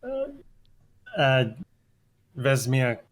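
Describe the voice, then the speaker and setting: A man's voice: medium pitch, very animated, drawn-out words. A man playing in an online tabletop game, speaking hesitantly with fillers. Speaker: player. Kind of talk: casual tabletop game chat.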